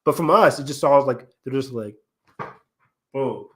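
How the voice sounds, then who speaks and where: A man's voice: medium pitch, fairly quick, fairly bright tone. A man hosting a podcast in casual discussion, thinking aloud and rambling with lots of fillers. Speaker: podcast host.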